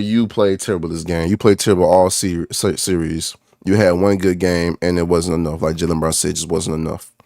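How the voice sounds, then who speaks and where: A man's voice: low voice, a little mellow, no echo, studio quality. A young man ranting as a basketball fan, frustrated and repetitive, calling out players by name and saying "bro" often. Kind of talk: ranting sports reaction vlog.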